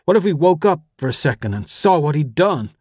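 A man reading aloud who voices a shaken, guilt-ridden middle-aged man, quiet and halting. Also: fairly high pitch, sing-song, slightly rough, no echo, clean studio sound, voice pushed up. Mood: troubled.

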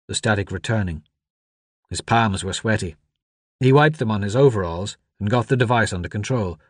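A man's voice: fairly low pitch, animated, moderate pace, slightly rough, no room sound. Man narrating an audiobook, dry and close. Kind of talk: scripted narration.

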